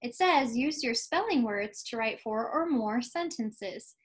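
Patient teacher woman, higher voice. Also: animated, poor audio. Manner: patient, clear, slows to stress key words. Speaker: second grade teacher. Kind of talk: recorded classroom lesson.

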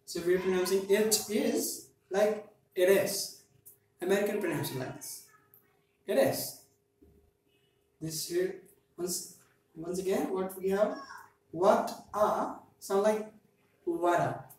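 A woman's voice: mid-range voice, a little slow, a little mellow. A woman teaching English pronunciation as a trainer, repeating words and asking learners to say them after her. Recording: very echoey room, mic at a distance, faint noise.

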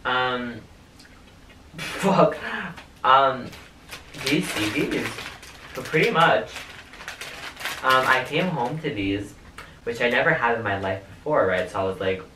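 The same kind of casual bedroom vlog, secretly filmed: a young man rambles and swears with plenty of fillers. He speaks slowly and expressively in a mid-range voice, with long pauses, and the audio is distant, echoey and faintly hissy.

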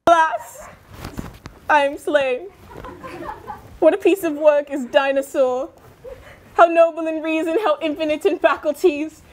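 A woman's voice: high-pitched, steady tone, unhurried, long pauses. A woman playing a bombastic Tyrannosaurus that speaks in Shakespearean verse, roaring and hurling old-English insults in a live comedy sketch. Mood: tragic. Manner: roaring, theatrical Elizabethan ranting.

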